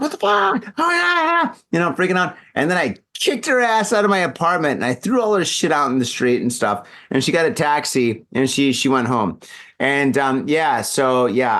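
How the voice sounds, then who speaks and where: A drunk man hosting a casual talk show, telling a wild story and acting out his own yelps. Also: medium pitch. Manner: animated, acts out his own yelps and voices. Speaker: podcast host. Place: home room in Japan.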